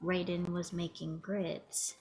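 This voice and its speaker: Quiet woman player recapping. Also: lowish voice, little pitch movement, slow. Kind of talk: tabletop game talk.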